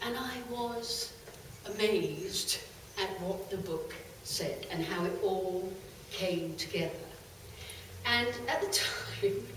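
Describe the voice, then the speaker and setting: Animated woman telling stories in an echoey hall. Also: on the high side, recorded from a distance, slight background noise. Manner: lively, animated storytelling with bursts of laughter. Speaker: channeler giving a talk. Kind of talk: storytelling talk to a live audience.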